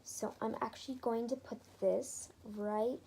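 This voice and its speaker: A woman's voice: on the high side, fairly even intonation, a little slow, creaky, warm tone, a little hiss or hum. A woman hosting a casual DIY craft tutorial, chatting her way through each step and correcting herself as she goes.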